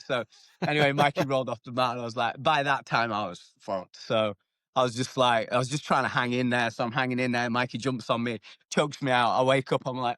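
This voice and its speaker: A man's voice: mid-range voice, steady tone, brisk, fairly bright tone, no echo, studio quality. A British man, a former MMA fighter, telling stories from his fighting days in a casual podcast interview. He swears freely and acts out the people he quotes. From United Kingdom. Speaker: retired MMA fighter, guest.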